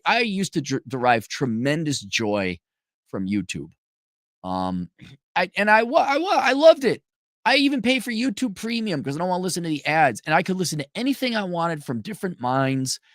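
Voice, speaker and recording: A man's voice: mid-range voice, fairly bright tone, no room sound, clean studio sound. A man hosting a show, giving blunt, sarcastic and profane commentary in a casual way while reading viewer donations.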